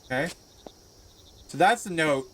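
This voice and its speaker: A man giving let's play commentary on a horror game, excitable and talking back to the game characters. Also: fairly high pitch, a little slow, a little hiss or hum. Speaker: gaming video creator.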